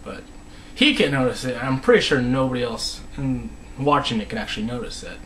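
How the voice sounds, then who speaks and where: A man's voice: mid-range voice, lively intonation, fairly bright tone, slight background noise, low-quality recording. Rambling young man recapping a show. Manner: rambling, halting, many restarts and trailing mumbles. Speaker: episode reviewer. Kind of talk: casual solo recap.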